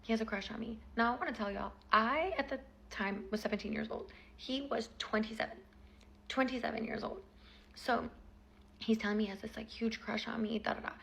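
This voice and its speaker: A woman's voice: a little high, fairly quick, gravelly, fairly bright tone. A woman in her twenties telling a personal story in a chatty, casual vlog style, full of fillers.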